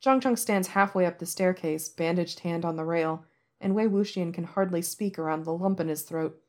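Woman, lower voice, soft, measured, audiobook narration. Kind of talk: audiobook narration of fan fiction.

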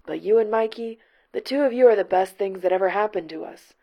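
A woman reading aloud, voicing a husky, blunt, loving middle-aged mother who swears freely. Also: mid-range voice, a little fast, highs cut off, natural voice.

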